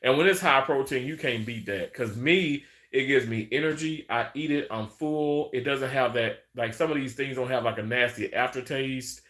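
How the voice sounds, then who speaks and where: Guy rambling on his live stream, bright punchy voice, says hi to folks by name. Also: mid-range voice, moderate pace, hardly any pauses. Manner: chatty, rambling, greets viewers by name. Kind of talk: casual live-stream chat.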